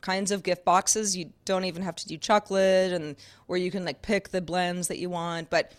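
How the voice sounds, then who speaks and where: A woman's voice: fairly low pitch, fairly even intonation, normal speed. A woman co-hosting a podcast in casual chat, rambling cheerfully and laughing often. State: sore shoulder. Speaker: podcast co-host.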